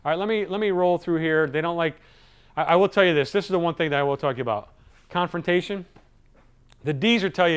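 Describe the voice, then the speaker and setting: Sales trainer, male, a touch high-voiced, lively and chatty, plays out customer lines. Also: fast, clean tone. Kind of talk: live sales training talk.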